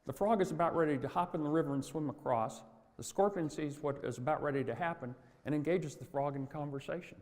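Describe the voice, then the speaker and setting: A man's voice: a little high, quick pace, a little mellow. A man in his sixties giving a folksy, anecdotal motivational talk at a conference, in a large hall. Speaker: conference speaker. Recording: long hall reverb.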